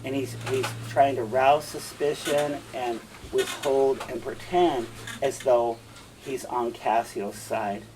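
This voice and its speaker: A man's voice: mid-range voice, steady tone, slow. A man teaching a play line by line, paraphrasing the lines in casual, emphatic terms. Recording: distant mic, faint room noise.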